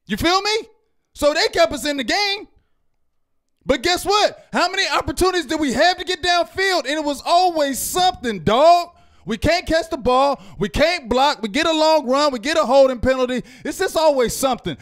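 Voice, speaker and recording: A fan-show host with a strikingly high voice, ranting in a loud, fired-up way. He keeps repeating himself and breaks into yelling. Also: expressive, moderate pace. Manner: loud, fired-up, repetitive, yells at times. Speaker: sports reaction show host. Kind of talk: heated fan rant.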